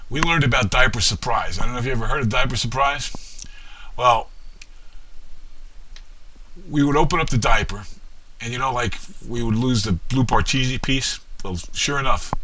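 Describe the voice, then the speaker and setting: A man's voice: medium pitch, bright, forceful tone, a little hiss or hum. Wry man telling stand-up stories. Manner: wry storytelling with punchline pauses. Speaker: stand-up comic. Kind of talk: seated stand-up comedy routine. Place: small venue with a live audience.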